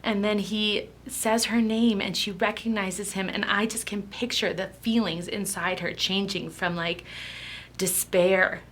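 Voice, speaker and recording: Tearful woman, devotional reader; emotional, halting delivery that dips to near whispers. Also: mid-range voice, steady tone, a bit bright, a little hiss or hum. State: tearful, close to crying. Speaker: devotional speaker. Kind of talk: devotional Bible reading and reflection.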